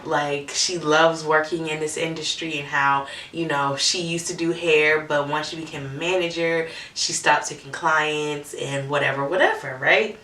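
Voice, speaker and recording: A woman's voice: deep voice, fairly even intonation, moderate pace, hardly any pauses, pushed and bright, reverberant, far from the mic. A young adult woman from Metro Atlanta telling a casual storytime, candid and chatty with frequent "right?" asides. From Metro Atlanta, Georgia. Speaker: vlogger.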